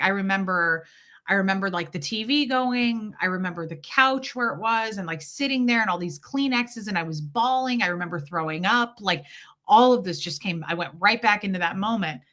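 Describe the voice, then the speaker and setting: Bright and forceful at a medium pitch, this livestream host chats casually with her viewers. She speaks candidly while recounting a personal story, voicing the people in it.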